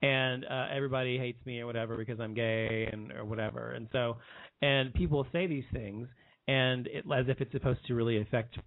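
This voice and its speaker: A man in his thirties delivers a rambling, heated personal monologue at a middling pitch, often stopping and starting over mid-sentence. The sound is thin and phone-like, with no room echo at all. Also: fairly even intonation, brisk, vocal fry. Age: 30s. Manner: rambling, heated, many restarts. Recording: tinny phone-like line.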